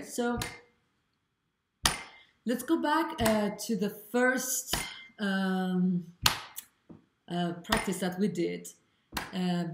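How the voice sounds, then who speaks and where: A woman teaching an online rhythm lesson, chanting rhythm syllables and explaining in a relaxed, halting way. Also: medium pitch. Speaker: vocal workshop teacher. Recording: echoey room with loud background noise.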